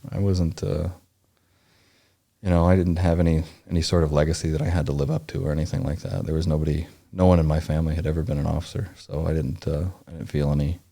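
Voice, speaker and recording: A man in his forties, from Indianapolis, tells his own story as an interview guest. His voice sits low and sounds mellow, and he rambles, stops and restarts often as he gathers his thoughts. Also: level tone, vocal fry. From Indianapolis, United States. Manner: rambling, halting, full of restarts and fillers. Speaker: podcast guest, former Navy SEAL and historian.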